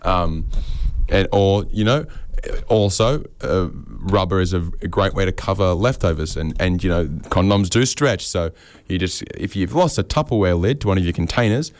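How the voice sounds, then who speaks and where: Man, lowish voice, dry close sound, rambling comic monologue with self-mocking asides. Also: normal speed, no echo. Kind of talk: comedic monologue.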